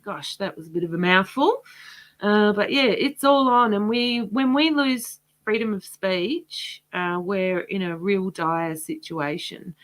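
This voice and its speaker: A woman hosting a livestream, speaking casually and passionately in a rambling way, her voice going hoarse. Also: fairly low pitch. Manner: impassioned, rambling. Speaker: host of a livestream.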